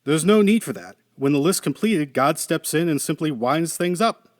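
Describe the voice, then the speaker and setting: A man's voice: fairly high pitch, expressive, moderate pace, dry recording, studio quality, voice pushed up, natural voice. A man reading the part of an anxious, chatty male computer engineer who talks with urgency. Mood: urgent.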